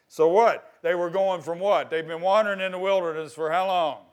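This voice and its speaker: A man preaching a sermon, asking his congregation questions and swinging from loud exhortation to quiet asides. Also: high-pitched, fairly even intonation, moderate pace, few pauses.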